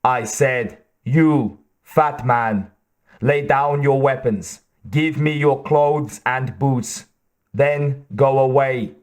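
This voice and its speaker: A man reading an audiobook voices an emotionless male killer cyborg in a flat, gravelly monotone. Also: medium pitch, very slow. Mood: cold. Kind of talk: audiobook narration.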